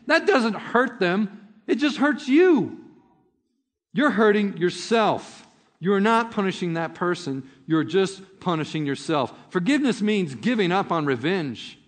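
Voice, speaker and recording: Male pastor, storytelling sermon voice, high-pitched, hall reverb. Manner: storytelling, direct address to listeners.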